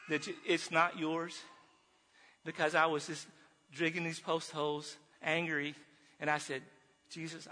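A man giving an earnest personal testimony to a group, telling his story haltingly with restarts. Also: a little high, pushed and bright. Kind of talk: personal testimony talk with slides. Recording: long reverb of a hall.

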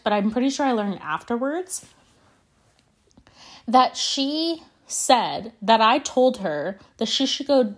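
A woman in her twenties hosting a solo podcast in a rambling, chatty way, full of fillers and restarts, and given to dramatic, exaggerated declarations. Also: fairly high pitch. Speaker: podcast host. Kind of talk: casual solo podcast chat.

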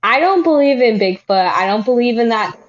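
Woman podcast cohost rambling and giggling, kinda high voice, bit dull lo-fi sound. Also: expressive, fairly quick, a little hiss or hum. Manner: giggly, rambling storyteller with many fillers. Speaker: podcast co-host. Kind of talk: casual chat.

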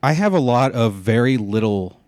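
A man in casual chat, telling stories in an animated way, swearing and laughing easily. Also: mid-range voice, moderate pace, no echo.

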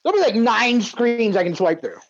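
A man's voice: high-pitched, brisk, breathy edge. A man co-hosting a podcast, telling a story in a casual, profane way and mimicking the people in it. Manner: animated, profane, mimics voices in his stories. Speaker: podcast co-host. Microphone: video call. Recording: dull lo-fi sound.

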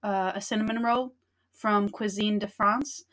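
A woman's voice: mid-range voice, fairly even intonation, measured pace, a bit bright. An Irish woman hosting a podcast, chatting in a playful, jokey way. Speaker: podcast host. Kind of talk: casual chat.

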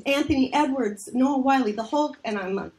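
High-voiced woman telling rambling stories. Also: moderate pace. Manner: animated, self-deprecating, rambling with restarts. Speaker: casting director guest. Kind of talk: casual storytelling chat.

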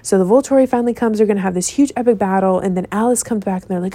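A woman casually retelling a film scene, rambling and animated, with lots of swearing and filler words. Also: mid-range voice, quick pace. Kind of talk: casual storytelling.

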